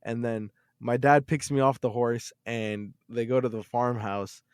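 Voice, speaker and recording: A man on a podcast, telling a story from his childhood in an animated, swearing style with lots of repeated words. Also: medium pitch, a little slow, clean tone, no echo, studio quality. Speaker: podcast host. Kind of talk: casual storytelling.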